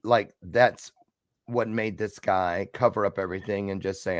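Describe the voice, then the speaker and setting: A man's voice: on the low side, fairly even intonation, moderate pace, no echo. Reflective male podcast host, dry sound. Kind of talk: casual interview chat.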